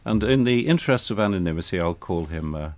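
A man's voice: low-pitched, lively intonation, fast, a little mellow. An older man, a retired air force officer, reminiscing in an interview with dry humour. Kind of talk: reminiscing in conversation.

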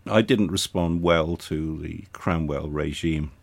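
Deep-voiced older man telling anecdotes. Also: slow, gravelly, no room sound. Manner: anecdotal, dry humour. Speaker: interview guest, retired air force officer. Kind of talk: reminiscing in conversation.

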